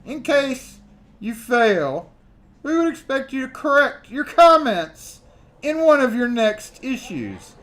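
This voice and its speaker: A man's voice: very high-pitched, sing-song, takes it slowly, fairly bright tone, voice pushed up, heavily acted. A man reading a formal complaint letter aloud in the voice of an indignant sales manager. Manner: pompous, over-enunciated letter reading.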